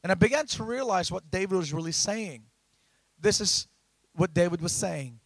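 A man preaching a sermon, often asking the congregation questions and rising to loud emphatic lines. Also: high voice, animated, moderate pace, no room sound. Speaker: pastor.

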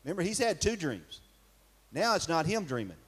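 A male preacher, speaking in a voice pitched high for a man. He preaches emphatically in church and keeps asking his congregation questions. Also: big pitch swings, normal speed, a bit bright, slightly rough. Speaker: pastor. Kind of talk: sermon.

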